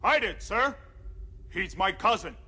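A dim-witted gunner, apologizing in a very high, bright voice. He drags out every word slowly. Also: lively intonation, full character voice. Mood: apologetic. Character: dim-witted, cross-eyed male gunner.

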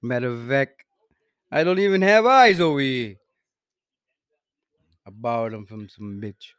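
A man's voice: medium pitch, sing-song, unhurried, fairly bright tone, clean tone, no echo, studio quality. A man voicing a boastful, crude Italian-American mobster pimp in a mock New York accent, as an improvised comedy bit. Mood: swaggering. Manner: swaggering, crude.

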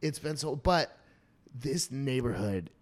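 A young man in casual chat, telling a story in an animated way, swearing and laughing often. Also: mid-range voice, takes it slowly.

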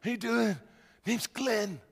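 A man voicing a hulking, intimidating mobster-like man who talks in a low, quiet, clipped way, heard in a reverberant auditorium. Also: slow, gravelly, breathy edge, full character voice. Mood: quiet, menacing.

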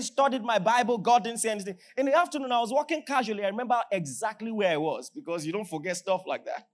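Nigerian male pastor, lively pitch, sermon with soft music under it. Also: brisk. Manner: animated preaching, swings from loud to hushed. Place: large church hall.

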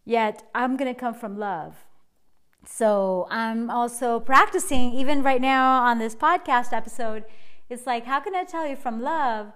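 Upbeat woman life coach rambling on her podcast, highish voice, lots of energy. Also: a little slow. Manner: bubbly, energetic, laughs often. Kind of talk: casual solo podcast monologue.

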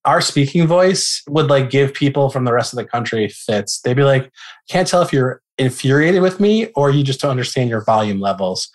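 A man's voice: medium pitch, expressive. A man from New Jersey co-hosting a podcast in casual chat, brash and joking, recording from a bedroom at his parents' house. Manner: brash, joking, talks fast and loud. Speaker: podcast co-host.

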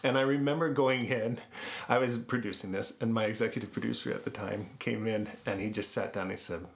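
A man's voice: lowish voice, a little fast, gravelly. A man, a podcast producer, telling stories in a conversational interview with frequent laughs. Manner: animated anecdotes with frequent laughs.

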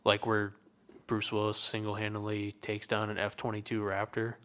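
A man's voice: on the low side, completely flat delivery, normal speed, a bit bright. A man in a casual movie chat who drops short, wry jokes.

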